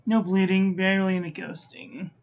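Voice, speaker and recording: A woman's voice: medium pitch, little pitch movement, normal speed, slight background noise. A woman reviewing ink on paper in a casual chat, listing short verdicts with chatty asides. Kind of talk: casual hands-on review narration. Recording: slightly muffled lo-fi recording.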